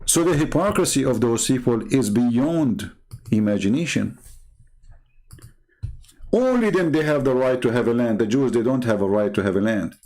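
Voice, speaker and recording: A man's voice: mid-range voice, expressive, normal speed, a little mellow. A man delivering a combative, mocking monologue as an online religious debater, growing heated as he makes his points. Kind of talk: impassioned monologue.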